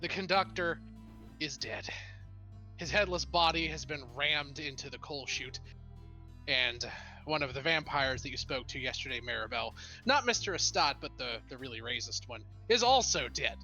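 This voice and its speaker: A man's voice: medium pitch, normal speed, bright, forceful tone, faint music behind. A man narrating as game master of a tabletop game, playful and often laughing.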